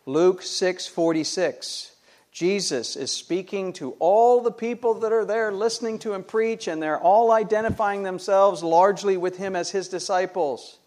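A middle-aged pastor preaching to his congregation, his voice a touch higher than most men's. He leans hard on rhetorical questions and answers them himself with rising emphasis. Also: a little mellow. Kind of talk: sermon.

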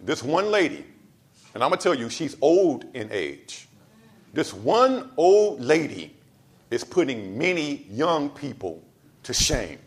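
A pastor delivering a sermon, driving points home with repeated lines and swinging between loud emphasis and soft asides. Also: male voice, fairly high pitch, very animated, slow pace. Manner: casual storytelling asides.

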